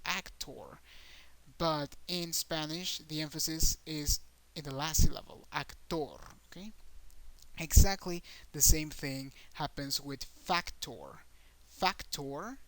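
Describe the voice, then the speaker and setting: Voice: medium pitch, sharp tone, poor audio. A Spanish teacher giving an online lesson, patiently repeating each example word and stressing syllables to show pronunciation.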